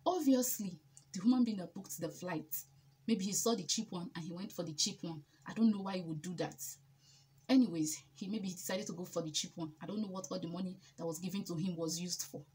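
A woman's voice: fairly low pitch, a little fast, darkish tone, slight background noise. A woman from Nigeria with a Nigerian accent, telling a story casually and emphatically, and repeating herself for effect. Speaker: vlogger.

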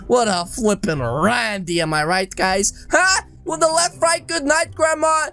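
A man giving energetic, jokey commentary over a video game, often bursting into yelps and shouts. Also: very high-pitched, measured pace, hardly any pauses. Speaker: gaming YouTuber. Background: game music.

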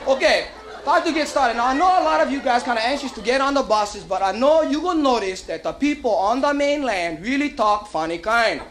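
Speaking briskly in a very high voice, a man performs live stand-up on a comedy club stage in a Hawaiian Pidgin accent. His crowd work is animated and playful, full of put-on voices, and the vinyl live recording carries hiss and a laughing audience.

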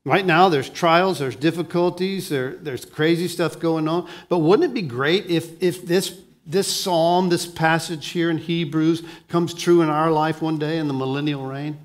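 A pastor preaching a sermon, moving between hushed lines and emphatic ones and often repeating words as he starts a thought. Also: on the high side, fairly even intonation, unhurried, few pauses.

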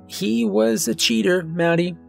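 Scolding middle-aged mom in a storybook horror reading, pitched high and pointed, as a man puts her on. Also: a little slow, vocal fry, faint music behind, exaggerated voice. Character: nagging middle-aged mother.

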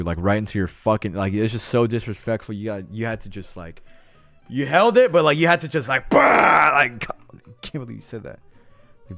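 A young man on a live game stream, jittery and loud, his pitch leaping all over as he cheers and curses. His voice sits close and dry on the mic, with faint music under it. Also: dry recording. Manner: hyped and jittery, swears a lot, cheers loudly. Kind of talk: casual live-stream chat while gaming.

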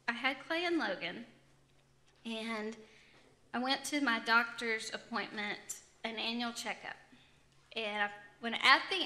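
Lady giving a ministry talk, high voice, animated and laughy. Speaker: ministry speaker. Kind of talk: testimony talk to a group.

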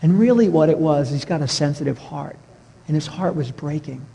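A middle-aged man preaching a sermon as a pastor, telling stories and dropping to a soft hush for tender moments. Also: fairly high pitch, moderate pace, gravelly, big-room sound, a little hiss or hum. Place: church sanctuary.

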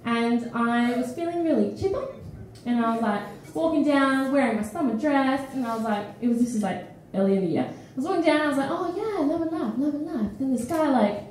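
High-voiced Australian woman, echoey room. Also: brisk, a little hiss or hum. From Perth, Australia. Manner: animated, frank, swears often, laughs mid-sentence. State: tired and phlegmy. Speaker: feature poet. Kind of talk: casual stage banter. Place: small indoor studio venue with live audience. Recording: echoey room, mic from far off.

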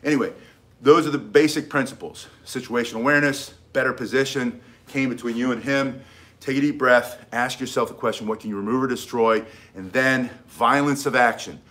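A man's voice: mid-range voice, normal speed, bright, forceful tone. Emphatic middle-aged man teaching self-defense. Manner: emphatic, repeats key points, restarts sentences. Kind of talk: casual instructional talk.

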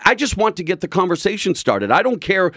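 A man's voice: high voice, sing-song, fairly quick, a bit bright, breathy edge, no echo, studio quality. A middle-aged man talking candidly as an interview guest, intense and rambling with frequent restarts. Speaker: guest, broadcaster.

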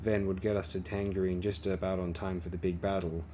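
A man reading the lines of a cautious, clever male starfighter pilot in a low-key, measured way. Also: level tone, dark tone, slight background noise, natural voice.

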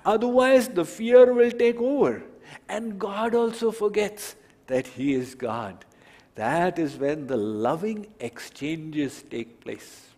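A male spiritual teacher delivers a devotional sermon at an unhurried pace. His fairly high voice rings with long reverb, and he acts out his stories with lively shifts of voice. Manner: storytelling, animated voice changes. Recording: reverberant hall.

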